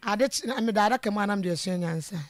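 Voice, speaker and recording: A caller with a Ghanaian accent telling a family dispute to a radio host, speaking haltingly and trailing off mid-sentence. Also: mid-range voice, no echo, studio quality.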